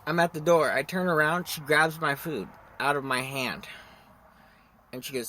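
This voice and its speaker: A man's voice: mid-range voice, moderate pace. A young man hosting a podcast, telling a story in a rambling, casual way. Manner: rambling, animated when acting out quotes. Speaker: podcast host.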